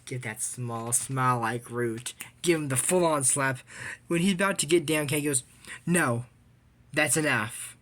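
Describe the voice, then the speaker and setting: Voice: mid-range voice, moderate pace, fairly bright tone. A casual vlogger recapping an anime episode, rambling and opinionated, with lots of fillers.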